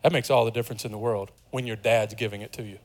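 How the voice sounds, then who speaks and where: A man preaching a sermon as pastor, earnest, dropping to a hush and then rising with emphasis. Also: fairly low pitch, steady tone, quick pace. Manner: earnest, swings from hushed to emphatic.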